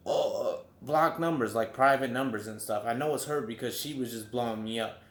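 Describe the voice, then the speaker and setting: This vlogger's mid-range voice runs a little fast, bouncing around an echoey room at home as he casually tells a story. He curses freely and fills his talk with likes and you knows, keeping it loose.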